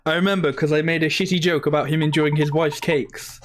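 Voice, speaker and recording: A man's voice: a little high, steady tone, moderate pace, faint music behind. A man streaming a game playthrough, chatting casually, laughing and swearing freely between lines of dialogue he reads aloud.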